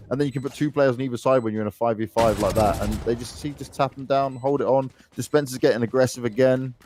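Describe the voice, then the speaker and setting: A young man with a London accent giving excitable, chatty play-by-play commentary on an esports match. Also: mid-range voice, slight background noise. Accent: London English. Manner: excitable, chatty, laughs easily. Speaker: esports caster.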